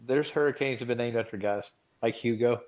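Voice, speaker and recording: An American man chats on a livestream in a friendly way, often restarting his sentences. His audio sounds slightly dull and lo-fi. His pitch stays in an ordinary middle range. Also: fairly quick. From United States. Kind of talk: casual livestream chat.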